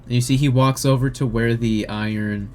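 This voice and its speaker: A man narrating as game master in a relaxed, halting way. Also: mid-range voice, slight background noise. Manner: relaxed, hesitant with fillers.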